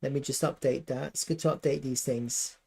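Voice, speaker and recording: A man's voice: medium pitch, fairly even intonation, normal speed, gravelly, a little mellow, slightly rough. A man giving a casual live chart analysis, thinking aloud with fillers and restarts.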